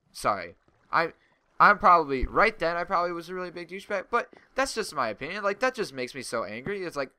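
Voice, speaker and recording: A man's voice: medium pitch, bright, forceful tone, dry recording. A young man and server owner talking casually over a gaming video, rambling and getting heated as he rants. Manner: rambling, gets heated and ranty.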